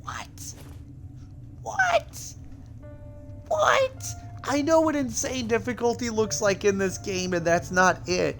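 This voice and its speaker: Fields. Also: male voice, high voice, moderate pace, few pauses, soft background music. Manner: incredulous, excitable, loud exclamations. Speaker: game streamer. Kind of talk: live stream commentary.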